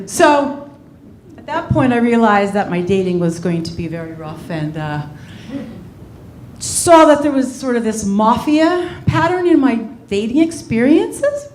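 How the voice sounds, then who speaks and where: A young woman doing a stand-up comedy set on a club stage, telling stories in a brash, swearing, animated way. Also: fairly high pitch, unhurried, echoey room, a little hiss or hum.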